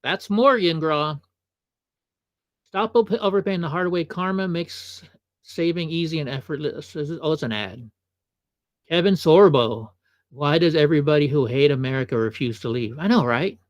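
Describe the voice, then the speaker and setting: A man hosts a livestream, reacting to clips with casual, offhand remarks. His voice sits a little high. It is recorded close and dry. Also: normal speed, no room sound. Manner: chatty, offhand asides. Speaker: livestream host.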